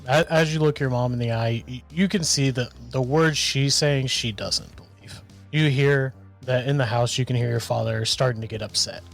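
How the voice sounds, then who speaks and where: A man's voice: medium pitch, moderate pace, creaky, soft background music. A man narrating a tabletop game as game master, in a loose, hesitant way. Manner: loose, hesitant, full of restarts.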